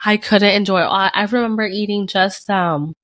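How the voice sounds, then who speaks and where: A young woman co-hosting a casual podcast tells a story in an animated way, acting out the people she quotes. Her voice is mid-range and her pace moderate.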